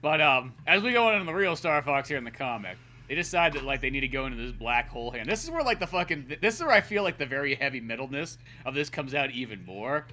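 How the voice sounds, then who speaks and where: Animated, foul-mouthed podcast host. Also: male voice, fast, hardly any pauses. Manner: animated, swears often, breaks into high-pitched goofy character voices. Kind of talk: casual podcast chat.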